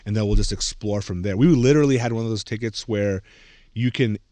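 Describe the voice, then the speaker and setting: A man's voice: fairly low pitch, fairly quick, mellow, no echo. A man in his thirties telling a personal travel story in casual podcast chat, rambling with many fillers and acting out other people's lines. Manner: rambling, many fillers, acts out quoted voices. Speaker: podcast co-host.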